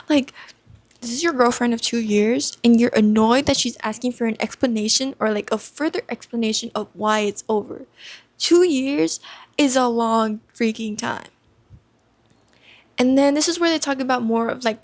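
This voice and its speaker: A young woman chatting casually about her first impressions of a book, rambling and leaning heavily on "like" as filler. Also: a little high. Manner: rambling, heavy use of "like" fillers. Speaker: book vlogger.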